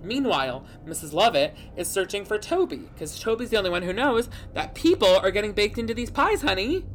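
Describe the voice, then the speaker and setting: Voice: medium pitch, very animated, brisk, a little hiss or hum. A podcast host giving a comic, rambling plot recap with dramatic "guess what" beats.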